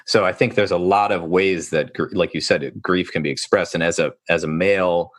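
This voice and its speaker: Deep-voiced man musing with fillers. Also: fairly even intonation, brisk, no echo, studio quality. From United States. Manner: thoughtful, rambling, many fillers and restarts. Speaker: podcast host and therapist. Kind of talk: conversational podcast interview.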